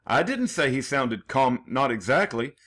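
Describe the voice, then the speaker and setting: A man's voice: mid-range voice, big pitch swings, unhurried, fairly bright tone. A man quoting an honest woman witness who hedges and sounds unsure. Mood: hesitant. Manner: unsure, hedging. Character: hesitant honest middle-aged woman witness.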